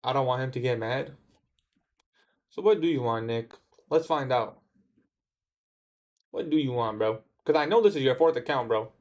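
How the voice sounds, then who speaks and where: A man's voice: mid-range voice, normal speed, pauses often, darkish tone. A young man chatting casually on his day-trading livestream, answering viewer comments in a laid-back way. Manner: laid-back, says "bro" often, talks back to chat.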